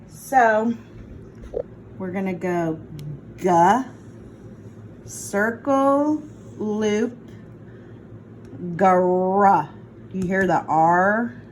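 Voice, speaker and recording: A woman teacher leading a phonics lesson on her phone, sounding out words slowly and patiently. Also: medium pitch, expressive, slight background noise, poor audio. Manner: slow, patient, encouraging sounding-out. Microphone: phone, set down and picked up.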